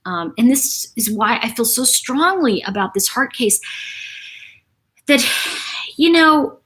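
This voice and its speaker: A woman's voice: a little high, animated, slow pace, a bit bright, husky. A middle-aged woman hosting a casual live chat, talking in a rambling, chatty way to her viewers. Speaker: livestream host.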